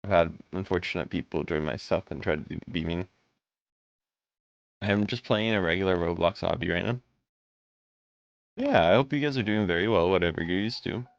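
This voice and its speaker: A man's voice: low voice, normal speed, gravelly, pauses often, no room sound, highs cut off. A tired man casually chatting with viewers during a live gaming stream, greeting them by name with rambling asides.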